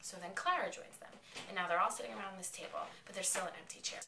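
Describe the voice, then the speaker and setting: A woman giving a chatty, excited recap of a television episode. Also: medium pitch, fast, creaky, background noise. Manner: excitable, chatty retelling with quoted lines. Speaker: vlogger reviewing an episode. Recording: echoey room, mic at a distance.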